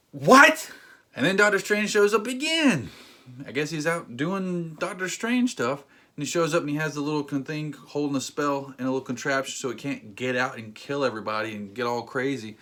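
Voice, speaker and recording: A man's voice: a little high, a bit bright. A man reviewing a film in a ranting commentary, incredulous and emphatic, with sudden exasperated outbursts. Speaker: movie reviewer.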